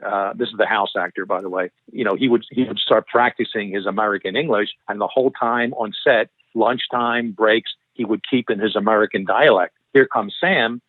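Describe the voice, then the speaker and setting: A man's voice: lowish voice, moderate pace, hardly any pauses, no room sound. A middle-aged man with a Philadelphia accent, a guest telling long stories in a rambling way, often correcting himself mid-sentence. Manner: rambling, frequent restarts and self-corrections. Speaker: interview guest, former FBI profiler. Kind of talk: long anecdotal storytelling. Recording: tinny phone-line sound, dry.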